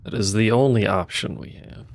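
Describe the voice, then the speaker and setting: A man's voice: fairly low pitch, moderate pace, no room sound. Chatty male game streamer. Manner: chatty, mutters to himself and talks to chat; casual, swears now and then. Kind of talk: live gameplay commentary.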